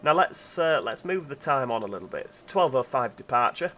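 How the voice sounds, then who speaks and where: A man's voice: medium pitch, lively intonation, fairly quick, fairly bright tone, slight background noise. A man, chatting casually while he streams a game and greets viewers. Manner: chatty, reads out chat messages while driving. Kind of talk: casual livestream commentary.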